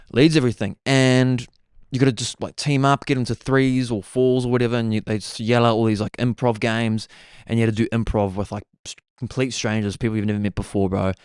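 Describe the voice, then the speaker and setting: Young Kiwi host with a low voice, excitable, casual storyteller, dry close sound. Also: male voice, smooth, dry recording. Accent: New Zealand. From New Zealand. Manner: excitable, says "bro" constantly. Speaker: podcast host.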